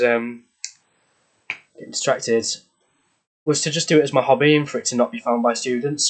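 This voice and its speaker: A man's voice: mid-range voice, slightly rough. A young man casually talking over his gameplay footage, rambling and self-deprecating, easily losing his train of thought. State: out of breath. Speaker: gaming channel creator.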